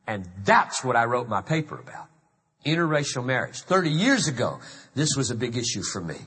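A man's voice: medium pitch, big pitch swings, fairly quick, fairly bright tone, slightly rough. Earnest man preaching in an echoey hall. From American South. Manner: earnest, conversational preaching with emphatic repetition. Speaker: pastor. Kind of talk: sermon.

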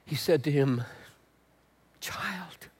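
An older man preaching a sermon as a pastor, moving between loud emphatic points and hushed, tender passages. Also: a little high, extremely slow, slightly rough. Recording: long hall reverb.

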